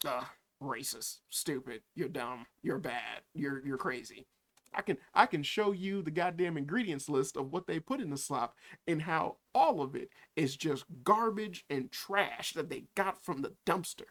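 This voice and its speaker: Guy ranting at a youtube video, loud and mocking, cusses a lot, keeps laughing. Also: a little high, measured pace. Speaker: YouTube commentator. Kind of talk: reaction commentary.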